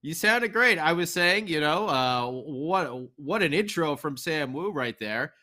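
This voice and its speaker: A man's voice: fairly high pitch, animated, a little slow, pushed and bright. A man co-hosting a sports podcast, giving an enthusiastic, rambling game recap. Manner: rambling, enthusiastic, fan banter. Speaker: podcast co-host.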